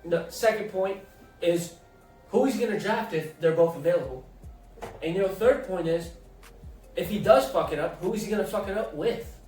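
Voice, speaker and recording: A man hosting a casual sports chat, joking loudly and swearing freely. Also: high-pitched, moderate pace, long pauses, roomy sound, far from the mic, soft background music, rough recording. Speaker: podcast host.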